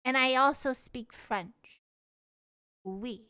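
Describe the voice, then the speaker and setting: A woman's voice: high-pitched, animated, slow pace, pushed and bright. A young woman streamer chatting casually with her live chat, playful and giggly, trying out words with a mock French accent.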